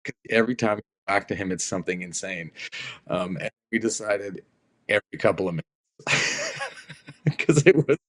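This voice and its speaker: A middle-aged man with a lowish voice spins loose, animated stories as a guest on a podcast. He swears casually and breaks into laughter between lines. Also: normal speed. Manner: animated anecdotes, swears freely, laughs a lot. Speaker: actor guest. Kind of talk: casual interview storytelling.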